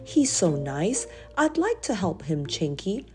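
A woman voicing a kind young girl who speaks gently and in whispers in a children's story. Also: lowish voice, big pitch swings, a little slow, soft background music. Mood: gentle.

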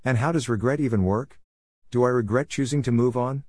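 A man's voice: mid-range voice, a little fast, a little mellow, no echo, clean studio sound. A man narrating a personal story in the first person, in a reflective, wistful way.

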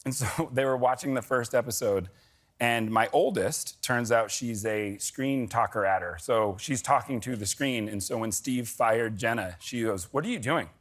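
A man's voice: medium pitch, normal speed. A man guest on a talk show, telling family anecdotes and acting out quotes. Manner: animated storyteller, acts out quotes. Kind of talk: casual chat, anecdote telling.

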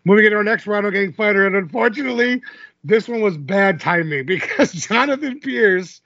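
High-ish guy rattling off fight results, laughs a lot, dry muffled recording. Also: animated, fairly quick, pushed and bright, no room sound. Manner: chatty, laughs often, filler-heavy. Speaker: podcast co-host. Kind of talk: casual fight-results recap.

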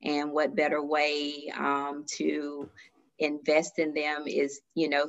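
Woman yoga teacher, low monotone, hesitant, heard over lo-fi audio. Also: creaky. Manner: earnest, hesitant with many fillers. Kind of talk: interview answer.

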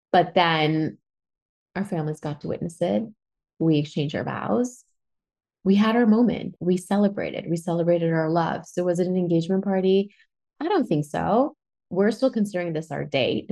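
Chatty, animated woman with a lowish voice. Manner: chatty, animated, swears freely. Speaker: podcast host. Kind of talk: casual storytelling monologue.

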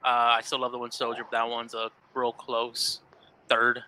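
A man's voice: medium pitch, completely flat delivery, normal speed, pushed and bright, rough recording. A man co-hosting a casual podcast, talking earnestly and easily about favorite movie scenes, with frequent fillers. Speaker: podcast co-host. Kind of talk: casual podcast chat about superhero films.

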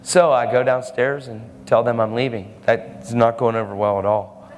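A man's voice: medium pitch, steady tone, moderate pace. A man preaching a sermon boldly and emphatically, with laughing asides. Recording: hall reverb with faint music.

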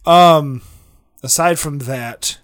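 A man's voice: on the high side, drawn-out words, a bit bright, no echo, clean studio sound. A man chatting casually, joking and rambling with lots of fillers and restarts as he talks about his work with glass. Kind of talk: casual chat.

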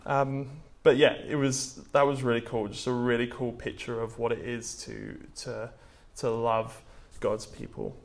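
A young man from England preaches in a relaxed, conversational way, scattering fillers through his stories. His voice has a gravelly edge, sitting at a middle pitch. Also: unhurried, hardly any pauses. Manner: chatty, many "like" and "um" fillers, storytelling. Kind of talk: casual sermon talk.

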